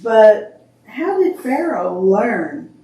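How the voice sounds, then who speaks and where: A woman's voice: a little high, sing-song, drawn-out words, mellow, far from the mic, slight background noise. A woman in a Bible study group asking puzzled questions and murmuring agreement. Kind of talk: group discussion. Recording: echoey room, off mic, faint clicks.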